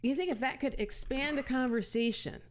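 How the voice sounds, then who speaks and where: A woman's voice: sits high, moderate pace. A woman appearing as a podcast guest, speaking earnestly in casual chat and repeating words as she builds her point.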